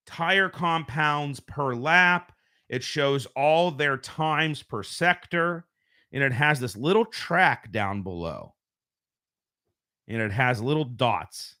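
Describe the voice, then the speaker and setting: A man's voice: medium pitch, pushed and bright. A man from the United States hosting a casual live stream from home, rambling and correcting himself as he talks. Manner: rambling, self-correcting, conversational. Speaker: show host. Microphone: home streaming microphone.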